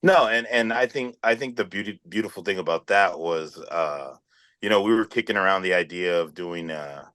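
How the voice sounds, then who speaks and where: Deep-voiced South Texas man, dry sound. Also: moderate pace, dry recording. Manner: relaxed, rambling, frequent restarts and "you know what I mean". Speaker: band vocalist. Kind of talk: casual interview answers.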